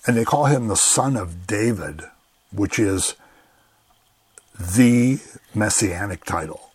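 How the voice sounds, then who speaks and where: A man with a very low, husky voice teaches scripture on a radio program. He talks in an earnest, conversational way and often says "you know". His voice is recorded close and dry. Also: lively intonation, slow, dry recording.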